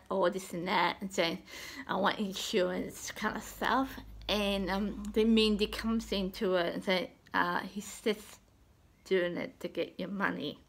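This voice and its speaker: A woman speaks in a loose, unscripted monologue, her mid-pitched voice carrying a gravelly texture. She rambles and circles back, filling pauses with ums and retelling scenes in her own words. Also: fairly bright tone. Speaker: psychic sharing thoughts. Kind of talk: casual monologue to viewers.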